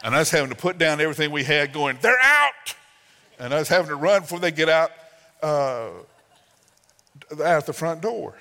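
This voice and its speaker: Bright-voiced older male preacher. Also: a little high, fairly quick. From Southern United States. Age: 60s. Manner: folksy storytelling with sudden loud outbursts and soft asides. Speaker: pastor. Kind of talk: sermon. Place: church sanctuary. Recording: long hall reverb.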